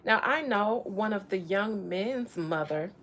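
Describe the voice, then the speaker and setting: A woman's voice: mid-range voice, expressive, a little slow, a little hiss or hum. A woman from Florida doing a loose, profane psychic reading in casual livestream chat from a hot room in an old house. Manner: loud, laughing, profane banter. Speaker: psychic reader.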